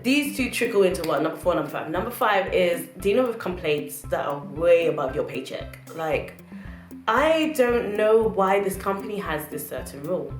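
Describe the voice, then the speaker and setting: A young woman ranting casually to camera in a sassy, animated way and acting out customers and managers as she talks. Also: lowish voice, moderate pace. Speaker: vlogger. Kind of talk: casual storytelling rant to camera. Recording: echoey room with faint music.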